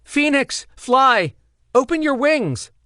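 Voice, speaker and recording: A man voicing a fierce, high-voiced young woman. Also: lively intonation, moderate pace, no echo, studio quality. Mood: panicked. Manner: urgent, commanding shouts.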